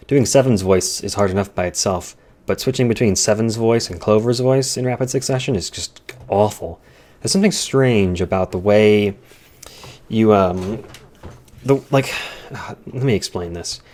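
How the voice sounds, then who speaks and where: A young Minecraft let's-player tours a server, rambling casually, chatting, and getting easily sidetracked in his gameplay commentary. His voice is fairly low and a little mellow, though strained and tired.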